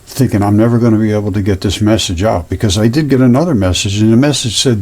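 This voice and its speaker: A man's voice: on the low side, quick pace, few pauses, darkish tone. A man hosting his own channel, talking casually and earnestly over images, rambling and repeating himself. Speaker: host.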